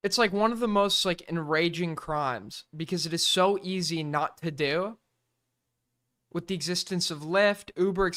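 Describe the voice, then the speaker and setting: A man's voice: sits high, moderate pace, bright, forceful tone. Guy streamer ranting about a clip, blunt and sweary, kinda exasperated. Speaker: streamer reacting to videos. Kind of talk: live-stream reaction commentary.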